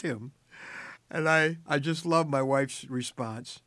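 A man's voice: high-pitched, normal speed, fairly bright tone, no room sound, studio quality. An older man hosting a short radio devotional, telling a family story with earnest, tender emphasis.

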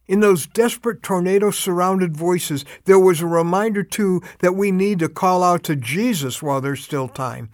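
An older man delivers a short radio devotional in an earnest, emphatic way. His voice sits a little high for a man and the sound is close and dry. He slows right down to press each urgent appeal. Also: no echo.

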